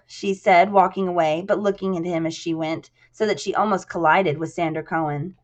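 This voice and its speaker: A woman's voice: fairly low pitch, steady tone, moderate pace, few pauses. A woman narrating a novel aloud, reading steadily and dropping in casual asides. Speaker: audiobook narrator. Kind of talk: audiobook narration.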